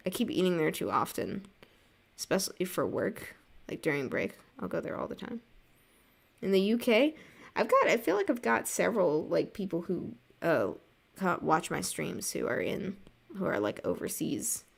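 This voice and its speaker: A young American woman chatting loosely with her viewers while she inks and colors. Her voice sits fairly low with some gravel in it, but her pitch jumps around animatedly. She rambles, reads messages aloud and fills gaps with "like.". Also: big pitch swings, moderate pace, a bit bright. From United States. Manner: chatty and rambling, reading chat aloud, frequent "like" and laughs. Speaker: art streamer. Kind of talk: casual livestream chat while drawing.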